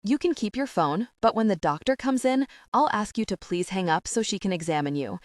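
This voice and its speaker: A woman reading a brisk, kindly nurse. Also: medium pitch, expressive, no room sound, clean studio sound, lightly acted. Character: friendly hospital nurse, a woman.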